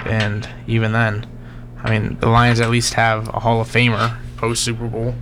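A young man co-hosting a college radio sports show, blunt and quick to disagree in casual chat. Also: mid-range voice, completely flat delivery, a bit bright, slight background noise.

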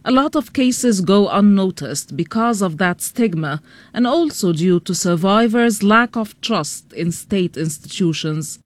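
A female correspondent reading a serious, measured news report. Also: mid-range voice, lively intonation, no room sound.

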